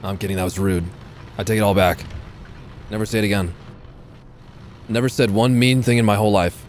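A man's voice: lowish voice, fairly even intonation, a little fast, slight background noise. A young man streaming a tank game live, joking around and swearing as he talks through the fight. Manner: jokey, swears a lot, thinks aloud mid-fight. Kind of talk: live gameplay commentary.

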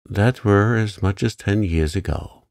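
A gruff old gardener grumbles in short, slow phrases, as a man reads him. His voice sits very deep and gravelly, and it sounds dry and close. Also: a little mellow, no echo. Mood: grudging. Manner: grumbling, curt, dialect speech.

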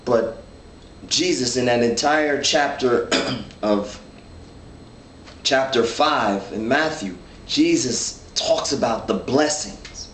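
A man's voice: medium pitch, takes it slowly, fairly bright tone, slight background noise. A man leading a men's Bible study, reading scripture and explaining it in an earnest, thinking-aloud way with many restarts. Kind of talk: informal Bible teaching. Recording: echoey room, mic at a distance, faint ambience.

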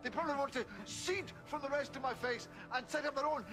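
An actor with a Scottish accent playing an eccentric, excitable alien time traveller in a TV series. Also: male voice, very high-pitched, fast, over music. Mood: playful. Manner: animated, theatrical, jumps between wry and excited. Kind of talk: TV series acting. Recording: TV clip with score underneath.

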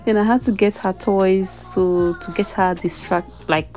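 A woman's voice: mid-range voice, steady tone, measured pace, a little mellow. A young adult woman chatting casually in a voice-over about her baby's ear piercing, breaking into small laughs.

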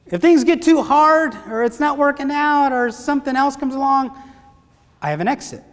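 A man giving a motivational seminar talk, energetic and asking his audience questions. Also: very high-pitched, moderate pace. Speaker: motivational speaker. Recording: long hall reverb.

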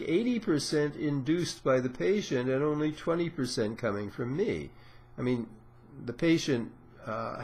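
A man giving an informal lecture, explaining step by step with frequent pauses and filler sounds. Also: mid-range voice. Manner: explanatory, unhurried, many "uh" and "um" pauses; acts out patient dialogue in a raised voice. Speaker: lecturer on psychoanalysis.

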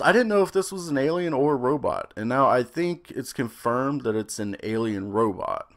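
A young adult man giving a casual, rambling review of a series, excitable and swearing freely. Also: medium pitch.

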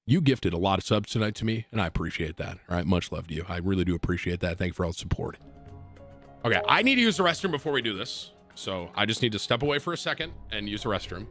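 A man's voice: fairly low pitch, very animated, fast talker, a bit bright, soft background music. A man hosting a live card-game stream, talking straight to his chat in an eager, persuasive way. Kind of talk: casual gaming stream chat.

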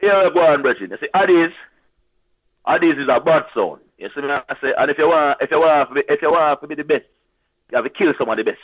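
Jamaican guy rattling off patois quick and husky, sounds like it's over a tinny phone line. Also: fairly high pitch, no room sound. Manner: animated patois boasting. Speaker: sound system selector guest. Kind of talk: casual radio chat.

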